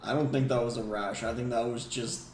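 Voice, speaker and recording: A man's voice: mid-range voice, steady tone, a little fast, darkish tone, slight background noise. A man co-hosting a podcast in casual chat, laid-back as he moves the wrestling recap along. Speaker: podcast co-host. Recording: echoey room.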